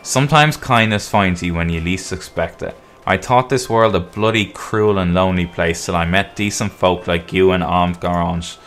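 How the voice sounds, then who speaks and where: A man reading a gruff, brutish grown man's game dialogue in character, loud and blunt with rough slangy speech. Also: low-pitched, moderate pace, hardly any pauses, a little hiss or hum.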